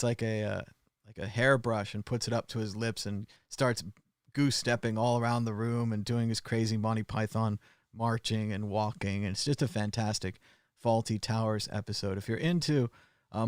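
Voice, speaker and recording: A man's voice: on the low side, steady tone, normal speed, dry recording, studio quality. A man hosting a casual news commentary livestream, chatty and sarcastic, with lots of filler sounds. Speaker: show host.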